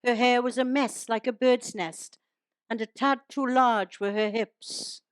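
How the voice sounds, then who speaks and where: A woman's voice: on the high side, steady tone, unhurried, clean tone, no echo. An older woman, reciting humorous poems and jokes to a live audience and teasing them along the way. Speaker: comic performer.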